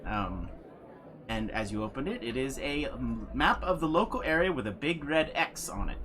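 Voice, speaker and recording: Animated man running a tabletop game. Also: mid-range voice, moderate pace, slight background noise. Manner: animated, laughs often. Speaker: game master.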